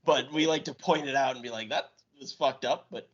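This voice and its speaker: A man's voice: mid-range voice, fairly quick. A man co-hosting a movie podcast, chatting casually and laughing often. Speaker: podcast co-host. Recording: slightly muffled podcast audio.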